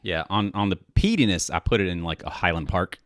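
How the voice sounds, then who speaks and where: Deep-voiced easygoing man. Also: a little fast, fairly bright tone, no echo, studio quality. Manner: easygoing, agreeable, short replies and tasting notes. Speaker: podcast co-host. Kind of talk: casual whiskey tasting chat.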